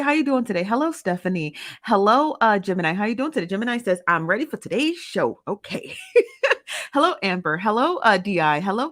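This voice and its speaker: A woman's voice: medium pitch, a bit bright. A young adult woman hosting a live gossip show, chatting casually with viewers and reading their comments aloud with easy laughs. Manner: chatty, laughs often, drawn-out Southern-style slang, reads comments aloud. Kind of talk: casual live-stream chat, greeting viewers.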